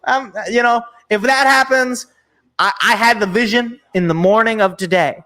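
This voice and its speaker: A man's voice: extremely high pitch, moderate pace, sharp tone. A young man hosting a sports show, reacting live with exasperated, sarcastic, rambling commentary. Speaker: sports podcast host.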